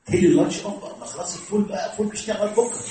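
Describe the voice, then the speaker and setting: Older Egyptian-accented preacher in an echoey hall. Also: male voice, sits high, racing, far from the mic. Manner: animated preaching, mixing English with Arabic, rallies audience call-and-response. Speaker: priest. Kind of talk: sermon. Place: large hall with audience.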